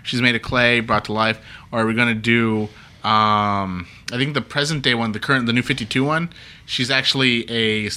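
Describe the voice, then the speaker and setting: A man's voice: mid-range voice, fairly even intonation, normal speed, sharp tone. A man co-hosting a podcast, chatting casually and rambling eagerly about comics and films with lots of restarts. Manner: rambling, enthusiastic, many restarts and acted-out quotes. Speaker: podcast co-host.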